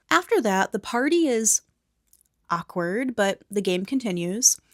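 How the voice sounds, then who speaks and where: A young woman gives a soft-spoken ASMR film recap, sliding between a quiet voice and breathy whispers. Her commentary is casual and frank, with a bit of swearing. The sound is close and dry, with no room around it. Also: medium pitch, sing-song, unhurried, no echo. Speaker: movie recap host.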